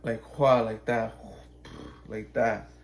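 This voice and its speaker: Give me a man in casual chat with a mid-range voice. He tells a rambling, profane story, leans on "like" and restarts, and jumps into quick character voices. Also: mid-range voice, steady tone. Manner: acts out characters with quick voice changes.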